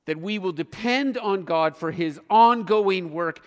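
A man preaching a sermon as pastor, earnest, with emphatic pauses. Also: sits high, in a large hall.

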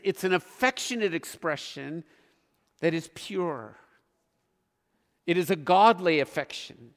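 A man preaching a sermon as pastor, earnest, with emphatic pauses. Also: a little high, lively intonation, a bit bright, in a large hall.

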